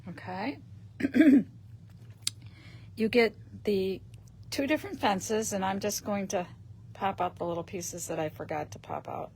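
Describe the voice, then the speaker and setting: A woman talking slowly and casually while she demonstrates a craft, her voice gravelly with plenty of fry. She thinks aloud and clears her throat often. A faint hiss of noise sits under the recording. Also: medium pitch, a little mellow. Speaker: host of a craft shop live stream. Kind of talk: casual demonstration on a live stream.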